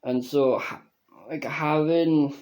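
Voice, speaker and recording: A young man casually reviewing a video game, slow and halting, swearing constantly and restarting his words, earnest and emotional. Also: fairly high pitch, fairly even intonation, darkish tone.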